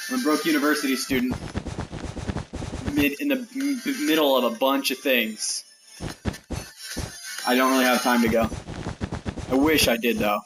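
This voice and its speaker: A young American man in his twenties chatting casually with viewers during a live game stream, rambling and talking straight to his audience. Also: medium pitch. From United States. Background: faint background music.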